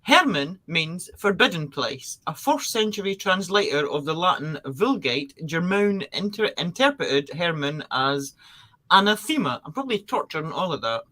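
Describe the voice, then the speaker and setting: A woman's voice: lowish voice, very animated, moderate pace, pushed and bright. A woman co-hosting a podcast, chatting casually and teasing out suspense with theatrical questions. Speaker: podcast co-host. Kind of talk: casual conspiracy chat.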